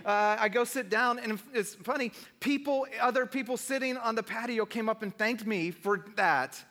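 Bright-voiced pastor preaching casually. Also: male voice, sits high, normal speed, slight background noise. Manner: conversational storytelling preacher, acts out quoted voices. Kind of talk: sermon.

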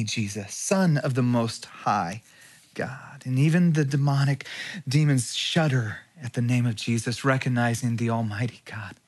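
A man's voice: medium pitch, measured pace, darkish tone. A man preaching a sermon as pastor, earnest, with rhetorical questions and strong emphasis.

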